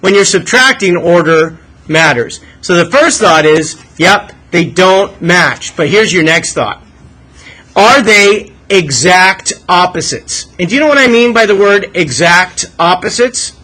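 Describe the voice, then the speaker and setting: The low-quality audio captures a male math teacher walking students through material, nudging them with questions and having them think aloud. Bright and high-pitched for a man, he sounds expressive and keeps a measured pace.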